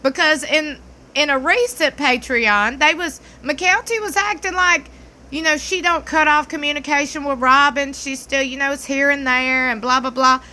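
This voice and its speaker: A woman's voice: high-pitched, normal speed, bright, forceful tone. A woman with a Southern US accent giving blunt, mocking commentary as a vlogger. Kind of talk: opinionated commentary.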